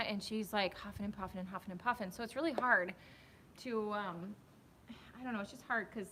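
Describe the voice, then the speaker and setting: A young woman horse trainer, with a fairly high, sharp voice, chats and rambles as she talks viewers through a horse lesson on a live stream. She's in a riding arena with the camera on a tripod, and a little hiss or hum can be heard.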